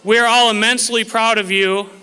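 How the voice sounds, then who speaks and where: A man's voice: high voice, little pitch movement, fairly quick, pushed and bright, clear, resonant tone. A man, a teacher, giving an earnest, motivational graduation speech to a class of students. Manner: earnest, motivational, quotes famous sayings. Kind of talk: formal commencement speech. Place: large auditorium. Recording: echoey hall with long reverb.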